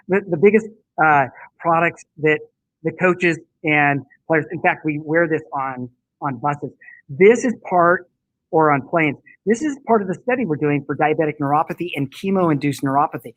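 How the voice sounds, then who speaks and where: Enthusiastic man, slightly high voice. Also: fairly bright tone, rough recording. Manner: enthusiastic, laughs often, many restarts. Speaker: guest, company founder. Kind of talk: casual interview. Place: indoor room with air conditioning.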